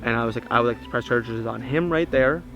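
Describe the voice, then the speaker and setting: A man, a protester, calmly telling in an interview what happened to him, in a plain storytelling manner. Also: medium pitch, quick pace, dull audio, music in the background. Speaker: protester recounting events. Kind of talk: documentary interview recollection.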